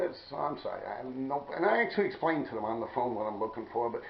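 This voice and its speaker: Gravelly New man, profane and rambling. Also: medium pitch, big pitch swings, quick pace, few pauses. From New York City. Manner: profane, streetwise slang, keeps clearing his throat. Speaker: vlogger telling a personal story. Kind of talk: rambling personal storytelling. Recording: dull, echoey room recording.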